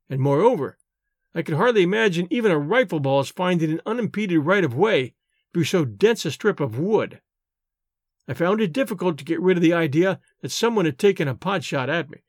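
A man narrating a novel aloud in an expressive, measured reading. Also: high voice, no echo, clean studio sound. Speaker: audiobook narrator.

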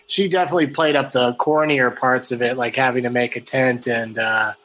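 A man joins a loose group conversation with a calm, even-tempered manner. He sounds polite and measured, making his points plainly. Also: medium pitch, a little hiss or hum. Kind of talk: casual chat.

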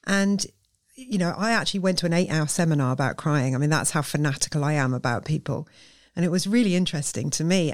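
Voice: medium pitch, dry recording. Therapist, emphatic explaining, dry close sound. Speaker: therapist guest. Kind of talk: conversational interview.

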